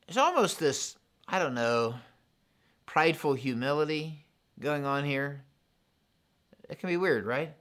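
A pastor preaching a sermon, in an animated, conversational style built on contrasts. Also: male voice, a little high, measured pace, long pauses.

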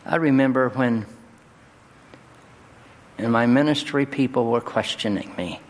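Guy pastor preaching, mid-pitched voice, big jumps up high on key words, long church hall echo. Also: a little slow, slight background noise. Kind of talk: sermon. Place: church sanctuary. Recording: long hall reverb, faint ambience.

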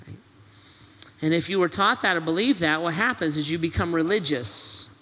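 A man's voice: on the high side, normal speed, pushed and bright. A man preaching a sermon as pastor, pressing his point with repeated rhetorical questions. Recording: long reverb of a large hall.

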